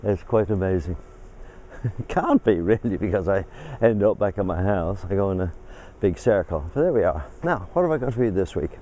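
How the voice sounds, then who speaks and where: A man's voice: deep voice, expressive, moderate pace, dark tone, a little hiss or hum, rough recording. An older man from England hosting a casual vlog, chatting in a rambling way while walking uphill outdoors, a little out of breath. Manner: chatty, rambling, breaks off mid-thought. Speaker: vlog host. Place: outdoors, walking through a village.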